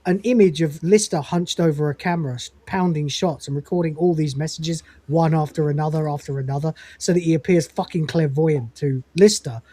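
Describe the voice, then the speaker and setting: A woman's voice: sits low, brisk, hardly any pauses, no room sound. Laughing woman retelling a scene. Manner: animated, laughs often, swears casually. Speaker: podcast host. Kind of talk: casual review chat, retelling scenes.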